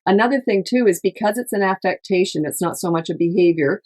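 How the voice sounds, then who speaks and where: Talking fast in a mid-range, slightly mellow voice, a middle-aged parenting coach from Canada hosts a podcast and offers advice in casual conversation. She's chatty and emphatic, laughs a lot, and acts out quotes from parents.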